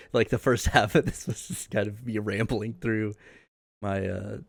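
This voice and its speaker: A man co-hosting a casual podcast over a call, relaxed and laughing often as he talks. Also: lowish voice, takes it slowly, creaky, dry recording, studio quality. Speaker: podcast co-host. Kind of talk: casual chat.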